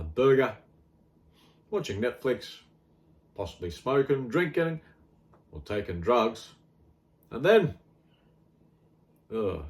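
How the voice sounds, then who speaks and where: A middle-aged man with an Australian accent, talking in a rambling, blunt and wry casual monologue full of fillers. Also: mid-range voice. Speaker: health vlogger.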